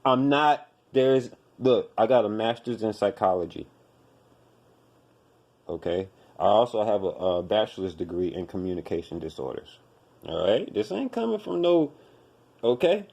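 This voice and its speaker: A man's voice: fairly low pitch, animated, normal speed, vocal fry, darkish tone. A man hosting a podcast, ranting in blunt, profane commentary and hammering his points with repetition. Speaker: podcast host.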